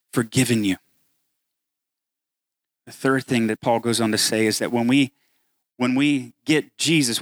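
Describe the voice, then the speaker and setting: A man's voice: medium pitch, a bit bright, dry recording. A man preaching a sermon as pastor, earnest and building to emphatic peaks as he voices the words of scripture.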